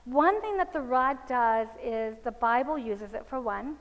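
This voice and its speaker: A woman's voice: fairly high pitch, expressive, measured pace. Storytelling woman in a reverberant hall. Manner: storytelling, acts out quoted voices of children and parents. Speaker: parenting seminar speaker. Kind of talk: religious parenting talk with anecdotes. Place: seminar hall.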